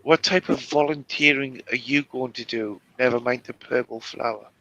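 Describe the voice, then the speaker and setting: A man's voice: medium pitch, steady tone, normal speed, pushed and bright, dull audio. A man chatting on a live call in a mocking, provocative and crude way. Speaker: participant in open discussion. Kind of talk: casual chat on a live voice call.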